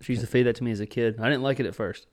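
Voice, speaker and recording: A man bantering casually on a podcast with quick, teasing comebacks. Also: mid-range voice, fairly even intonation.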